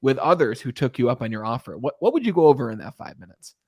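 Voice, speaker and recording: A man's voice: mid-range voice, very animated, fast, slightly rough, no room sound, studio quality. A man hosting a podcast, enthusiastically posing long, layered questions to his guest. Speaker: podcast host. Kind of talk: interview conversation.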